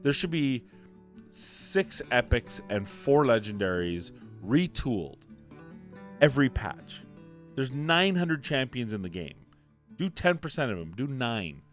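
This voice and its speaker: A man's voice: medium pitch, big pitch swings, a little slow, soft background music. A man giving opinionated commentary on a mobile game, emphatic and ranting, repeating points for emphasis. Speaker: mobile game content creator.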